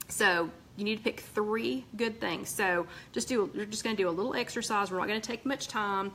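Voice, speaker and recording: A woman's voice: medium pitch, moderate pace, slight background noise, poor audio. A woman with a Southern American accent hosting a casual live chat, talking in a chatty way with many ums and a slightly tired voice. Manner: chatty, warm asides, frequent ums and restarts. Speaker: host of a weight-loss group live chat. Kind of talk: casual live-stream chat reading viewer comments.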